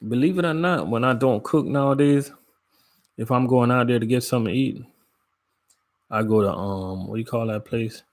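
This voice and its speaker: A man's voice: medium pitch, normal speed, darkish tone. A man from Jamaica hosting a casual livestream, chatting in laid-back slang, greeting viewers by name and laughing often. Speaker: livestream host. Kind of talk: casual live chat with viewers.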